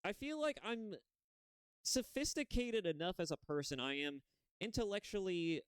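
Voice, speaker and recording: A man's voice: high-pitched, animated, moderate pace, clean tone, no room sound. A man hosting a reaction video, talking in a rambling way full of restarts and self-corrections. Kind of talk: casual video commentary.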